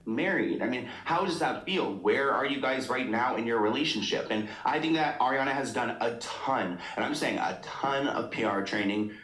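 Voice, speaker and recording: A man's voice: mid-range voice, moderate pace, hardly any pauses, fairly bright tone. A man narrating a celebrity gossip video, reading viewer comments aloud with strong opinions. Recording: roomy echo.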